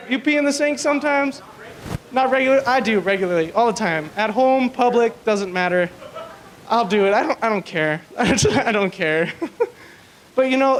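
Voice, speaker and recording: A young man doing a stand-up comedy set in a small club. He tells crude, rambling stories and fills them with likes and you-knows. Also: high voice. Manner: crude, rambling storytelling with many fillers.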